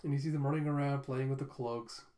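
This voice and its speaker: A manga reviewer casually retelling chapters in a relaxed, chatty way. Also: mid-range voice, fast talker. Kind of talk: casual reaction recap. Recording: roomy echo.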